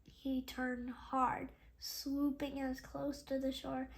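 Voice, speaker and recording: A woman reading a children's chapter book aloud, slowly and carefully, with small slips and chatty asides between passages. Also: sits high, completely flat delivery, gravelly. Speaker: read-aloud host.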